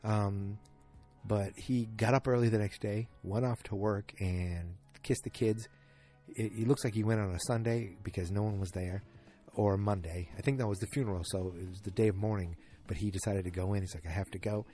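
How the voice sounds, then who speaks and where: A man hosting a solo podcast, retelling a TV episode in a rambling, animated way and acting out the characters' lines. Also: fairly low pitch, moderate pace, faint music behind. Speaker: podcast host. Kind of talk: casual solo recap.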